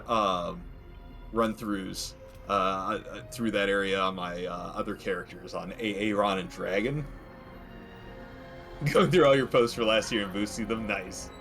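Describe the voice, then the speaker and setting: A man's voice: lowish voice, a bit bright. A man casually commenting while playing a video game, rambling with many fillers and frequent chuckles. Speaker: let's play gamer.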